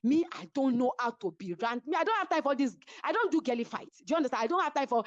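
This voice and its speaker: Fast, lively Nigerian woman, high voice. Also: no echo. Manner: animated, acts out quoted voices, code-switching. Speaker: reality show cast member. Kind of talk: heated casual retelling. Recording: dull, dry lo-fi audio.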